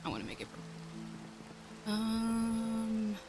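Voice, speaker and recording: Woman, unhurried gameplay chatter, thinking aloud, clear music and rain underneath. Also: on the high side, sing-song. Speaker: let's play host. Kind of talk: casual gameplay commentary.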